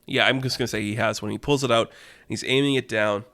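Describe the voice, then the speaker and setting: A young man hosting a podcast, narrating a made-up fight story in a rambling, animated way and laughing at his own jokes. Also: on the low side, fast, no room sound. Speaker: podcast host.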